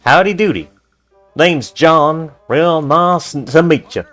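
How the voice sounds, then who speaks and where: A man voicing a folksy Texan cowboy in an exaggerated, hammy drawl, pitched higher than his usual voice. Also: slow, a bit bright, faint music behind. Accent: exaggerated Texan drawl, put on.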